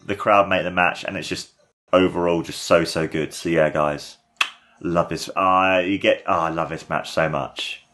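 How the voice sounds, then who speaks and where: Gushing young man with a lowish voice. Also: normal speed. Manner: excited, gushing and rambling. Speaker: podcast host. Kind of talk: casual watchalong commentary.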